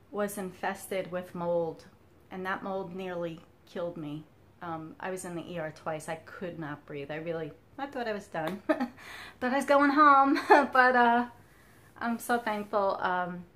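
A woman's voice: fairly low pitch, slight background noise. Frank, chatty woman in her fifties. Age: 50s. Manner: frank storyteller, laughs often. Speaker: cross stitch vlogger. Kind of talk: candid talk to camera.

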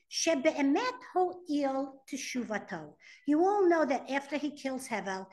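A woman teaching a class, reading sources aloud and translating them as she explains. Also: sits high. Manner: animated, reads Hebrew text then translates. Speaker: Torah teacher. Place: classroom with students.

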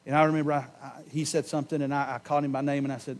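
A man preaching a sermon in a church, giving an impassioned personal testimony that swings from loud emphasis to hushed tones and slows on key words. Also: medium pitch, flat delivery. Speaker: pastor. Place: church sanctuary.

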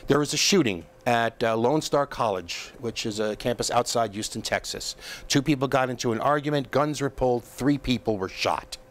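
A man's voice: medium pitch, normal speed. A man hosting a political commentary show, talking in an emphatic, scornful monologue that mocks his targets and often restarts his sentences.

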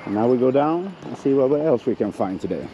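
A man with a hoarse voice chatting casually on a hike, talking in a relaxed way with restarts. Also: medium pitch, fairly quick, lo-fi sound, a little hiss or hum. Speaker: travel vlogger. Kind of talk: casual chat while hiking. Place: outdoors on a hilltop.

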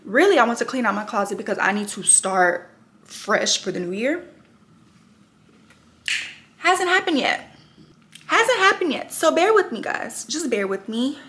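A woman's voice: medium pitch, lively intonation, normal speed, fairly bright tone, a little hiss or hum. A young woman hosting a casual home vlog, talking straight to her viewers in a chatty, self-deprecating way. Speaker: vlog host. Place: at home indoors. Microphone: handheld camera.

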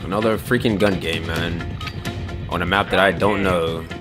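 A man's voice: sits low, moderate pace, music in the background. A young man swearing and trash talking as he comments on his own gameplay. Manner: excitable, swearing trash talk. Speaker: gamer.

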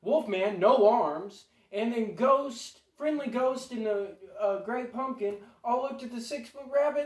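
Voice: mid-range voice, unhurried, hardly any pauses. A storyteller spinning an improvised, crude and playful Halloween tale. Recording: roomy, from far off.

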